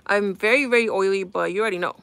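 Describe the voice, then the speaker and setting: A young woman hosting a casual live stream, talking to her viewers in an exasperated, animated way. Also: mid-range voice, quick pace, creaky.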